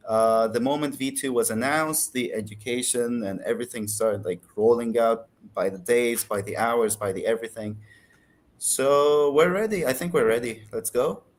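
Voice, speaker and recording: A man guest in a casual chat, upbeat and hopeful, pausing with "uh" between thoughts. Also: medium pitch. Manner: upbeat, hesitant "uh" fillers.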